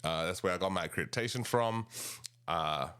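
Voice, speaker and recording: A man in his thirties with a South African accent, rambling and animated as he tells casual stories about his past. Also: deep voice, brisk, clear, resonant tone. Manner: rambling, animated, restarts often. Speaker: podcast host. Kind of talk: casual storytelling monologue.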